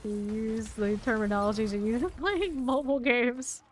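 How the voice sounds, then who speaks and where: A woman's voice: fairly high pitch, fairly even intonation, moderate pace, a little hiss or hum. A young woman streaming a game, chatting casually with viewers, answering chat and laughing easily while she plays.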